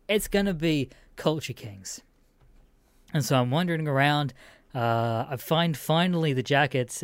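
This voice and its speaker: A young man hosting a solo podcast, telling a story in a casual, exasperated rant, swearing constantly and mimicking other people. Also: no echo. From Australia. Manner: mimics others in a higher, louder voice. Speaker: podcast host.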